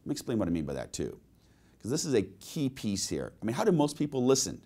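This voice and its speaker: Animated male sales trainer. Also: medium pitch, fast. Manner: animated storytelling with rhetorical questions to listeners. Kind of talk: webinar sales presentation with personal anecdotes.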